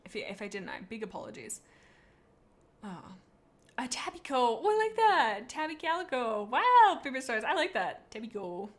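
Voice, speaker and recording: A woman's voice: fairly high pitch, sing-song, normal speed. A woman on a live stream, rating viewers' pet cats in a playful, rambling way and reading chat comments aloud into a desk microphone.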